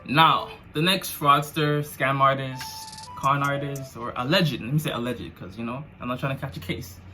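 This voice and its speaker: A man's voice: medium pitch, steady tone, normal speed, pushed and bright, faint music behind. A man hosting a casual commentary vlog, talking in slangy, sarcastic and mocking asides. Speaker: commentary channel host.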